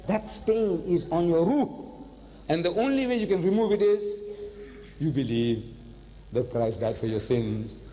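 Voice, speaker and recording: An older man giving an animated religious lecture, telling stories and slipping in phrases. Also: high voice, slight background noise. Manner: animated storytelling, switching into Hindi-Urdu phrases. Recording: long hall reverb.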